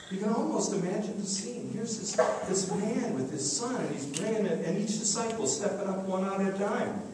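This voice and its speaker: A man's voice: high voice, expressive, moderate pace. A man preaching a sermon as pastor, telling a story and acting out the voices in it. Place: church sanctuary. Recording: echoey church, distant mic, faint noise.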